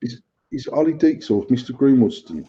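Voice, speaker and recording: A man's voice: medium pitch, very animated, normal speed, dark tone, husky. A man co-hosting a casual podcast, rambling and swearing as he repeats himself. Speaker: podcast co-host. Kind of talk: casual chat. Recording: dull lo-fi sound.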